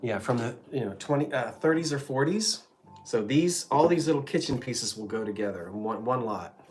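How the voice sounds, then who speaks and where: A middle-aged man with a Philadelphia accent, chatting in a relaxed, jokey way. His voice sits in an ordinary middle pitch. Faint music plays underneath. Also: moderate pace. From Delaware Valley, USA. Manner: chatty, reminiscing, jokey asides. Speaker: co-host selling antiques. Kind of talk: casual live stream chat.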